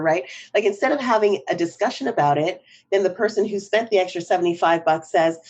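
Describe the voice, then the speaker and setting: In this podcast interview, the guest is a middle-aged female psychotherapist whose lowish voice moves at normal speed over dull audio. Reflective in tone, she keeps asking "right?" to check in.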